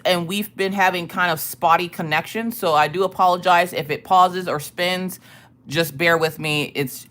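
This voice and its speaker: A woman from the United States runs a relaxed livestream, calling out viewers by name as she chats. She sounds pushed and bright at a fairly low pitch, with a ticklish cough in her throat.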